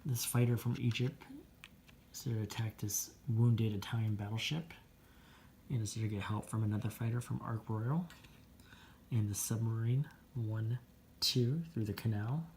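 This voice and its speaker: A man's voice: on the low side, fairly even intonation, normal speed, a little mellow, slight background noise. A man narrating his own turn in a tabletop strategy game, methodically counting out moves and dice rolls as he goes. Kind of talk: casual tabletop game commentary.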